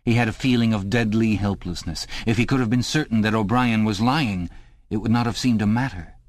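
A man narrating an audiobook with a calm, even, measured delivery. His voice is lowish in pitch and recorded very dry and close, with no room echo. It suits serious literary fiction. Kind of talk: scripted narration.

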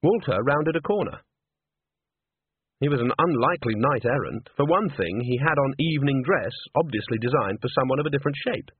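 A man reading a novel aloud in a lively, expressive narration. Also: mid-range voice, brisk, breathy edge, no echo. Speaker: audiobook narrator. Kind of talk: scripted narration. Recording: dry, tinny phone-like sound.

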